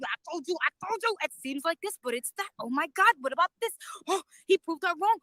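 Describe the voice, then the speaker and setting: A woman on a casual live stream, talking straight to her viewers in an animated, profane way, recorded on a phone near a courthouse overflow room. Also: very high voice, fast talker, no room sound, poor audio. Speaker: YouTube livestreamer.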